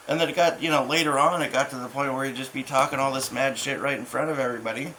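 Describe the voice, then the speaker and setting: A man in a casual rambling monologue, profane and halting, full of restarts and fillers. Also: mid-range voice, fairly even intonation, pushed and bright, a little hiss or hum, rough recording. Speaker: channel host.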